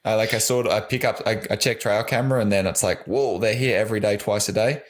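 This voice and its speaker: A man with an Australian accent chats as a podcast guest, his voice sitting on the low side. He talks in an easygoing, rambling way, leaning on "like" and "um" as he goes. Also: quick pace. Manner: easygoing, rambling, says "like" a lot. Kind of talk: casual podcast chat.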